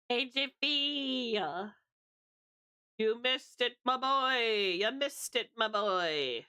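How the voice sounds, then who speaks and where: A woman's voice: on the high side, extremely slow, sharp tone, clear, resonant tone. A woman streamer chatting playfully to her chat, her voice strained. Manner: playful, chatty, addresses chat, slips into song snippets.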